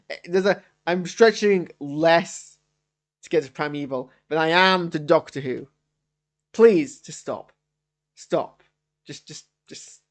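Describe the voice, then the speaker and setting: Rambling exasperated young man reviewing a show. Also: fairly high pitch. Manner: exasperated, rambling, self-interrupting. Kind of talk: live post-watch reaction.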